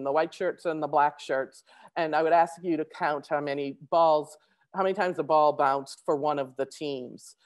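A woman giving a conference presentation, talking fast with many restarts and fillers. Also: fairly low pitch, a little mellow.

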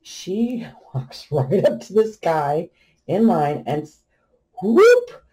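A middle-aged woman with a lowish, warm-toned voice chats casually to her crafting audience. She tells an embarrassing family story in a loose, conversational way and laughs often as she goes. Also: takes it slowly. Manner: chatty storyteller, laughs often, animated retelling. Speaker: crafting vlogger. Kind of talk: casual anecdote while crafting.

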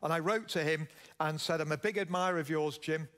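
Middle-aged Yorkshire man, keynote speaker, a touch high-voiced, storytelling and putting questions to the audience. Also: brisk, a bit bright. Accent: Yorkshire English. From Yorkshire, England. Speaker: keynote speaker, business founder. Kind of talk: keynote speech. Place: conference stage.

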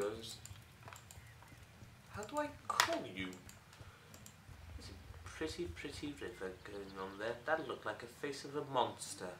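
A man's voice: mid-range voice, sing-song, measured pace, long pauses, roomy sound, background noise. A young man giving game commentary as a host, joking around, swearing and laughing often. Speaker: let's play host.

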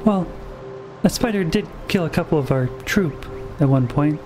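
A man's voice: a little high, lively intonation, normal speed, music in the background. A man speaking in character in a tabletop game, polite and dry, sometimes correcting his own words. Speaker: player. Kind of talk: casual in-character play.

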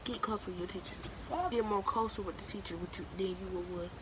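A woman's voice: medium pitch, steady tone, fairly quick, heavy background noise. A young woman in her late teens giving casual, emphatic advice to the camera, repeating herself for emphasis and calling the listener "baby". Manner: emphatic and preachy, keeps calling the viewer "baby". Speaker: vlogger giving advice to new students.

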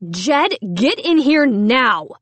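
A woman's voice: sits high, very animated, slow pace, fairly bright tone, no room sound, voice pushed up, exaggerated voice. A woman reading a storybook, voicing an angry mother who scolds in clipped, stern words.

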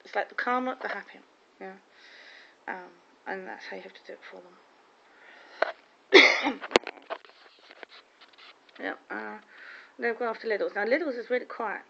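A woman's voice: medium pitch, normal speed, gravelly, pauses often, noisy background. A woman in casual chat, telling rambling, gossipy stories full of restarts. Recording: dull lo-fi recording.

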